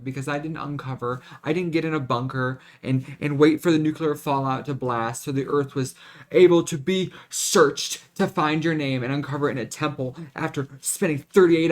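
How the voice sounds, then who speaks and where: A young man with a somewhat high voice speaks straight to his viewers in a confessional vlog. He talks dramatically, swears freely and keeps stumbling into restarts and repeated words. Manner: dramatic, profane and repetitive, with frequent restarts. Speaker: vlogger.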